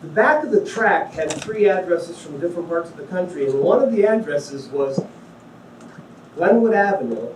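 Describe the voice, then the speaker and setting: A middle-aged man from Ohio giving a lively personal testimony to a small audience, acting out quotes and throwing in jokey asides. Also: high-pitched, moderate pace, slight background noise. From Ohio, USA. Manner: animated storyteller, acts out quotes, jokey asides. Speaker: guest speaker. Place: small meeting room. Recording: echoey room, mic at a distance.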